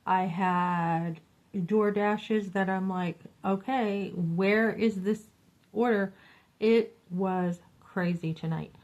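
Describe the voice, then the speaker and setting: A middle-aged woman vents in a casual storytime vlog and acts out every exchange. Her voice sits at a middle pitch, and her telling is animated and exasperated. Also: slow, muffled recording. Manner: animated, acts out quoted dialogue; exasperated, venting. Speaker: vlogger.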